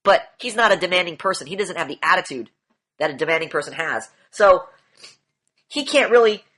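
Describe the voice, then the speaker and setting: A man's voice: high voice, lively intonation, brisk, sharp tone. A man coaching a group in an online session, lecturing bluntly, repeating key phrases and swearing now and then. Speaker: demand training coach.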